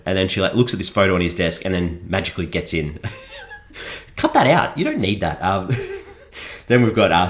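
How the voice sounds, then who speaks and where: A man's voice: sits low, a bit bright. A man casually reviewing a film on a podcast, chuckling often as he mocks what he saw. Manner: chuckles often, mocking and critical.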